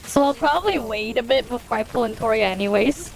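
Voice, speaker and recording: A woman's voice: a little high, lively intonation, quick pace, creaky. Laid-back chatty woman streamer. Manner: laid-back, chatty, swears and laughs often. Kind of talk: casual live-stream chat while gaming. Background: game music.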